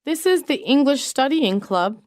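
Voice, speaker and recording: A woman with a fairly high voice reads English practice sentences one after another, measured and evenly paced. The sound is close and dry, with no room around it. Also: lively intonation, a little mellow, no echo. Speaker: English lesson reader. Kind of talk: reading practice sentences aloud.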